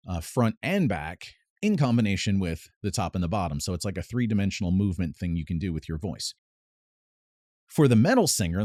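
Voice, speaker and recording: Male vocal coach, very low voice, dry close sound, casual pedantic explainer. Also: mellow, no echo. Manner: pedantic, explains with sung demonstrations. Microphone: close mic with added reverb at times.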